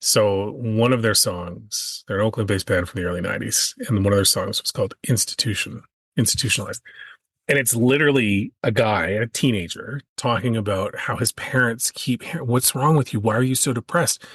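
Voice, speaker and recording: Man podcast host, slightly husky, chatty storyteller, dry close mic. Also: lowish voice, normal speed, no echo. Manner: storytelling, animated when quoting others. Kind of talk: casual conversational chat.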